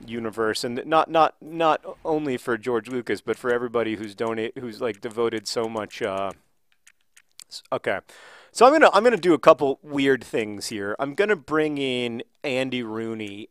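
A man casually commenting while playing a video game, rambling and restarting sentences, with sudden excited outbursts. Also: mid-range voice, moderate pace, no room sound. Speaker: video host.

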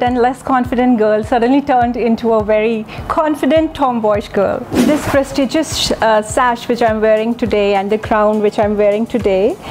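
A woman introducing herself as an award recipient, measured and pausing often with fillers. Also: on the high side, background noise. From India. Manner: measured, with frequent pauses and fillers. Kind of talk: self-introduction testimonial. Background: music.

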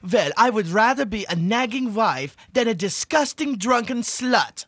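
A man's voice: high voice, expressive, a little slow, fairly bright tone, dry recording, heavily acted. A man playing a fussy, dramatic German male showman with a German accent in a comedy radio sketch. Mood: nagging. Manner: prissy, dramatic, nagging.

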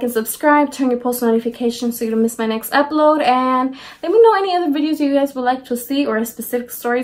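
Slangy young woman telling a story. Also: high-pitched. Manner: casual slangy storytelling, animated asides. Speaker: vlogger. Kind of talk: storytime vlog.

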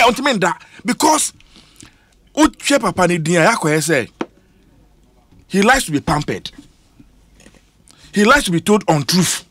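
A man's voice: high-pitched, fairly bright tone, no room sound. A man with a Ghanaian accent speaking emphatically on a radio panel, switching between English and Twi. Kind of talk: heated radio panel discussion. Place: radio studio.

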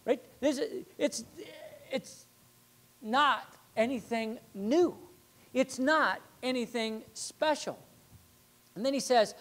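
A man's voice: extremely high pitch, takes it slowly, fairly bright tone. Conversational man preaching a sermon. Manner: conversational preaching with rhetorical questions. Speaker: pastor.

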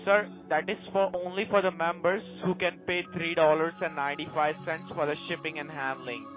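A man's voice: a little high, fairly even intonation, brisk. A man answering as a call center agent, then trading heated insults in broken phrasing. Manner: scripted greeting turning to angry insults. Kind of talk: heated phone argument. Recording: tinny phone line, faint music.

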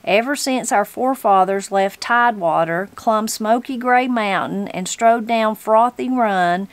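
A woman's voice: medium pitch, measured pace, dry recording, lightly acted. A woman voicing a respected, speechifying older postmaster. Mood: solemn.

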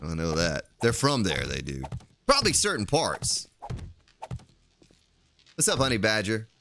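Bright, lively-voiced man streaming a game. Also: lowish voice, a little slow, slight background noise. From United States. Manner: rambling, chatty, talks to chat viewers. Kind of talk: casual live-stream commentary.

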